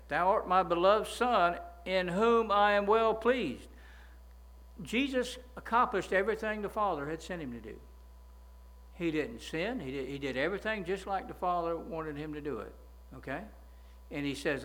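A man's voice: fairly high pitch, fairly bright tone. A man preaching a sermon, emphatic, often stopping to ask his listeners "right?" and repeating words as he goes.

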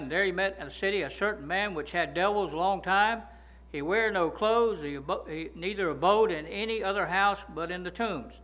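A man's voice: sits high, pushed and bright, poor audio. A man preaching a sermon as pastor, often prompting the congregation with "right?" and "amen?".

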